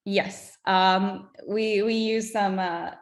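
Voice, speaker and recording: A woman in her thirties, a company co-founder, telling her story in an interview in an earnest, reflective way with halting restarts. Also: mid-range voice, steady tone. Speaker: whiskey brand co-founder guest. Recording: echoey room.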